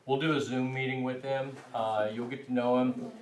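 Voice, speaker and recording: A man's voice: medium pitch, little pitch movement, normal speed, a loud crowd. A man giving a language class lecture, rambling and self-deprecating, with frequent restarts. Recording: echoey room, mic far off.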